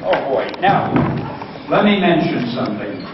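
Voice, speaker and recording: Older male guest, fairly high voice, wry humor, far from the mic in an echoey hall. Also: big pitch swings, moderate pace, muffled recording, heavy background noise. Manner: joking, self-deprecating. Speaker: panel guest. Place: large convention hall.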